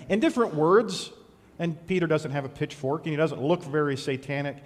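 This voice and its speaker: Guy preaching a sermon, kinda high voice, chatty then suddenly booming, long echo from the hall. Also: a little fast. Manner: animated, conversational preaching with sudden loud bursts. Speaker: pastor.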